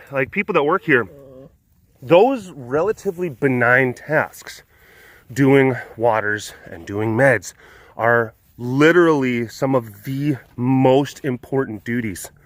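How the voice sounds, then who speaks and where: A man's voice: mid-range voice, no echo. Chatty man vlogging outdoors. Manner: chatty, rambling, laughing. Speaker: big cat sanctuary keeper. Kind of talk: casual vlog. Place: outdoors in cold wind.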